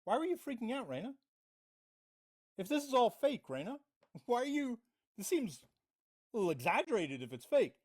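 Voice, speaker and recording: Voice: medium pitch, sing-song, moderate pace, long pauses, a little mellow. A livestream host giving confrontational commentary, reading out messages and mocking the other side. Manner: reads out chat messages.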